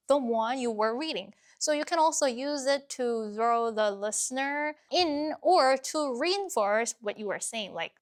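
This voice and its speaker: A woman with a fairly high voice teaches a language, walking through grammar point by point. Her delivery is clear and patient, like a lesson clip. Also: animated, unhurried, hardly any pauses. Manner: clear, patient, explains word by word. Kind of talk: explanatory lesson narration.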